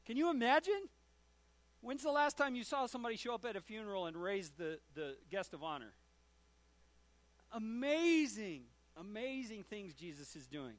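A man's voice: high voice, animated, moderate pace, dry recording. A man preaching a sermon as a pastor, retelling scripture stories and acting out the quoted lines. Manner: storytelling, acts out shouted quotes.

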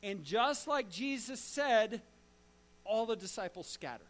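A man preaching a sermon as a dramatic story, swinging from loud to hushed and asking the listeners direct questions. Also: high-pitched, expressive, unhurried. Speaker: pastor.

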